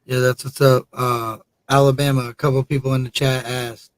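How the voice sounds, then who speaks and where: A laid-back man with a drawl hosts a late-night live stream and rambles casually to his viewers. He sounds tired and talks at an easy mid pitch. His voice is close and dry, with no room sound around it. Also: flat delivery, moderate pace, no room sound, rough recording. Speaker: host.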